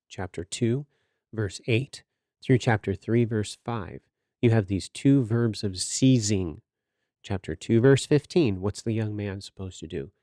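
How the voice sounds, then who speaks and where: A man's voice: on the low side, warm tone, no room sound, clean studio sound. A man hosting a podcast, giving earnest, sermon-like Bible teaching with rhetorical questions and direct exhortation. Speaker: podcast host teaching scripture.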